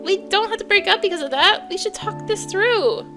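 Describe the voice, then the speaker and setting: Anxious, pleading young man, read by a woman in her own voice, over loud game music. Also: sits high, moderate pace, gravelly, pitched above the performer's own voice.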